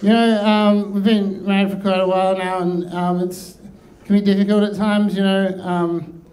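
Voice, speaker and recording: A man doing a hesitant, deadpan stand-up routine full of ums and pauses. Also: high-pitched, rough recording. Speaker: stand-up comedian.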